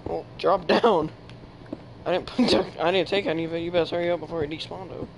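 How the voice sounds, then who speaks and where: A man's voice: fairly high pitch, steady tone, brisk, vocal fry, noisy background. A man hosting a casual gaming chat, teasing his friend and laughing constantly. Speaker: channel host.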